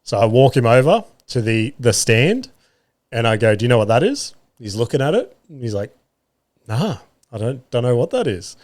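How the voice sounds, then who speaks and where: Australian male podcast host, thirties, loose and animated storyteller, mid-pitched voice, swears freely. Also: fairly quick. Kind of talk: casual storytelling.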